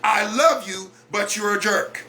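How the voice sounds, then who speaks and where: Blunt, high-voiced man preaching to listeners. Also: unhurried, sharp tone. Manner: blunt, preachy, repeats rhetorical questions. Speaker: host of a weekly talk broadcast. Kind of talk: motivational talk monologue.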